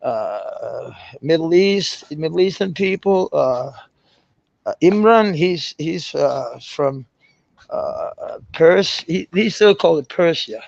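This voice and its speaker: A Danish man speaking English with a Danish accent tinged with American, chatting casually with viewers, halting and searching for words with many fillers and restarts. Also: fairly high pitch, animated, vocal fry, darkish tone, no echo, lo-fi sound. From Denmark. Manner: swears casually. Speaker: live-stream host chatting with viewers. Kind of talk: casual chat.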